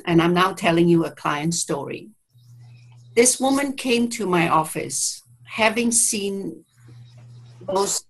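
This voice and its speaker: A woman's voice: lowish voice, a bit bright, low-quality recording. A woman therapist telling a client story in an interview, speaking reflectively, with hesitant restarts and quoted dialogue, over a video call. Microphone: video call mic.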